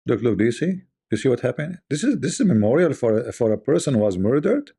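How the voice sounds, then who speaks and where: Scornful gravelly-voiced male commentator. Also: medium pitch, big pitch swings, fast, background noise. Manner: scornful, rhetorical questions, repeats himself. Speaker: online commentator. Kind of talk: casual live-stream commentary.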